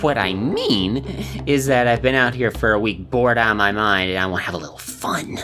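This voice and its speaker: A woman's voice: rumbling low, moderate pace, a bit bright, faint music behind, pitched below the performer's own voice. A woman voicing a menacing male hunter who taunts his prey in a sing-song way. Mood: taunting.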